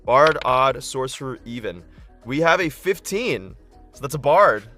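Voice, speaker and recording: A man game master on a casual live stream, excitable and thinking aloud with lots of fillers. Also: medium pitch, a little slow, soft background music.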